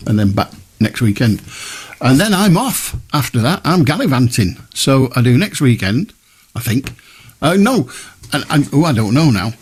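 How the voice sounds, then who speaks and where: Husky, wry late-night radio host man. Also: mid-range voice. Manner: wry, rambling, dry humour.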